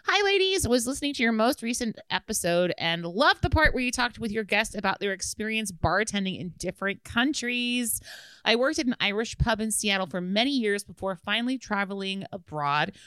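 A woman's voice: mid-range voice, a little fast, a bit bright, smooth, no echo. A woman co-hosting a podcast, reading a listener's letter aloud in casual chat, laughing often and swearing freely. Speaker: podcast co-host.

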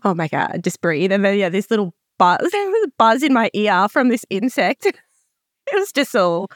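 A woman's voice: medium pitch, very animated, normal speed, no echo, clean studio sound. A woman co-hosting a parenting podcast, chatting casually and telling stories from home. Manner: laughing, storytelling, chatty. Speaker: podcast co-host; mother of young children. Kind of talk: casual chat.

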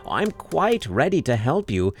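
A man's voice: medium pitch, very animated, unhurried, over music, voice pushed up. A man voicing a polite, eager young boy who nervously begs to be hidden, in a storybook reading. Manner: polite, pleading.

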